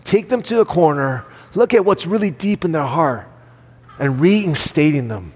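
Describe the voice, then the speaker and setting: Earnest male pastor, higher-pitched voice, preaching with lively swings in loudness, long hall reverb. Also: normal speed, husky. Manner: earnest, swings between loud emphasis and soft acted quotes. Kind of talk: sermon.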